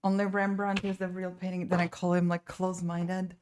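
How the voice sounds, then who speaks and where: A woman with a fairly low voice talks loosely to her live-stream viewers from home. She rambles and restarts her sentences, and her exasperation keeps spilling over as she vents. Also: flat delivery, moderate pace, darkish tone, slight background noise. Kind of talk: casual live-stream chat.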